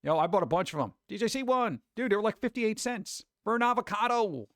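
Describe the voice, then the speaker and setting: Male stream host, high voice, dry close sound, chatty and rambling. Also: expressive, brisk, fairly bright tone, dry recording. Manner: rambling, acts out other people's voices. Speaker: livestream host. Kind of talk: casual stream chat.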